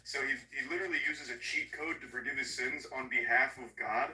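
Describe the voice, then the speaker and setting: Man with a very bright, sarcastic voice. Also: mid-range voice, brisk, recorded from a distance. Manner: sarcastic, profane, animated storytelling. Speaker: movie recapper. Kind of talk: casual comedic movie recap. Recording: echoey room, voice off-mic.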